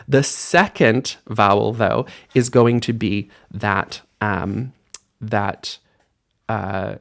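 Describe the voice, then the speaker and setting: A man's voice: on the low side, steady tone, extremely slow, vocal fry, fairly bright tone. A man teaching an online language lesson in a casual, friendly way, explaining grammar and repeating words aloud for practice. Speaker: Hebrew teacher.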